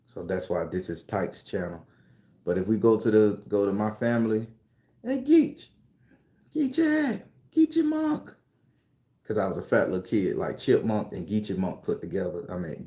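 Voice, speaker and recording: A middle-aged man from South Carolina, casually telling stories and answering viewer comments on a livestream in a loud, profane, laughing way. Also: low-pitched. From South Carolina, USA. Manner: animated, profane, laughing storyteller. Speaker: YouTube tarot reader and storyteller. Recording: roomy echo.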